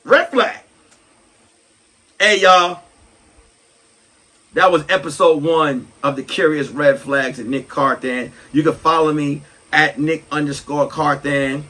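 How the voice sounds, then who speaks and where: A man in his thirties hosting a solo comedy podcast, ranting loudly and animatedly and breaking into shouts. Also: on the high side, measured pace, recorded from a distance, poor audio. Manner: loud, animated, swings into shouting. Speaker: podcast host.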